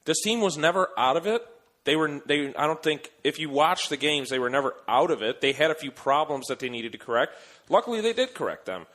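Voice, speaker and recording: A man's voice: a little high, very animated, brisk, fairly bright tone. A young man from Rochester co-hosting a sports radio show, teasing and opinionated in casual banter. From Rochester, New York. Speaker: radio co-host.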